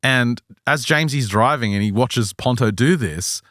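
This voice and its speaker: A man's voice: mid-range voice, moderate pace, dry recording, studio quality. A man, a bit under the weather, co-hosting a podcast and telling a strange story in casual chat. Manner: lively, laughs often while telling. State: a little sick. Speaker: podcast co-host.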